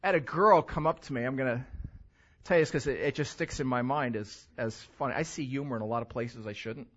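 An older man preaching a sermon as a pastor, animated, with loud emphatic stretches and quiet asides. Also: mid-range voice, fast, highs cut off.

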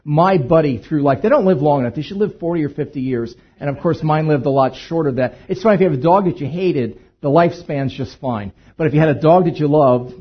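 A man preaching a sermon, telling a humorous story that swings between hushed asides and loud bursts. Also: fairly high pitch, quick pace, hardly any pauses, slightly rough, lo-fi sound. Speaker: pastor.

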